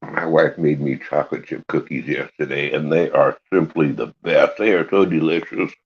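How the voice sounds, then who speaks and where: A man's voice: very deep voice, fairly even intonation. A man hosting a casual morning livestream, talking with his mouth full and chuckling in a folksy, easygoing way. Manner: slow, easygoing drawl with folksy slang. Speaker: livestream host. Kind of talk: casual live chat. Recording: dull lo-fi stream audio.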